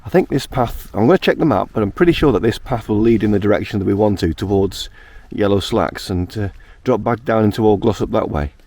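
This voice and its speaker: Man, very low voice, hoarse morning croak, chatty vlog talk, outdoors. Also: fairly quick, few pauses. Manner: chatty, relaxed, talks to camera. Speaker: vlogger. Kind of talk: casual outdoor vlog narration. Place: outdoors on open moorland.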